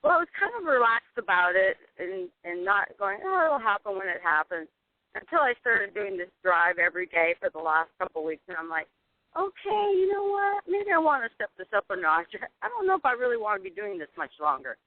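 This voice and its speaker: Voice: medium pitch, sing-song, fairly quick. A caller on a phone-in show, sounding tired and agreeable. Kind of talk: phone-in radio chat. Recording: dry tinny phone line.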